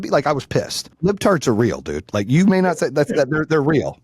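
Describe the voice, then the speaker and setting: A man's voice: a little high, a little fast. A man hosting a podcast, telling stories in casual, profane chat and acting out the people he quotes. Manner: profane, animated, acts out quoted voices. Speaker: podcast host. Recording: loud background noise.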